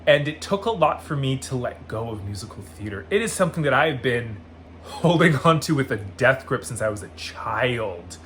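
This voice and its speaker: A man telling stories casually in a vlog, animated and full of "like" fillers. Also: mid-range voice, normal speed, a little hiss or hum. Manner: animated, acts out quoted voices, frequent "like" fillers. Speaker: vlogger.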